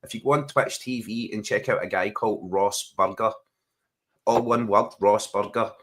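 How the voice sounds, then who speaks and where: A man's voice: lowish voice, normal speed, a bit bright. A man with a Glaswegian accent, co-hosting a football watchalong stream in casual chat, joking and laughing often. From Scotland. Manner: joking, laughs often, says "Daniel" and "bro". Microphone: webcam stream mic, video call.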